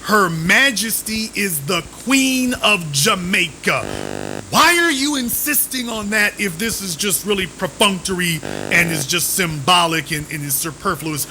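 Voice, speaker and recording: A man giving pointed commentary on a live stream, his voice pitched high and swinging widely as he drives home each point. He leans on sarcasm and fires the same rhetorical question again and again, with a sharp, bright edge. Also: very animated, unhurried, a little hiss or hum, low-quality recording.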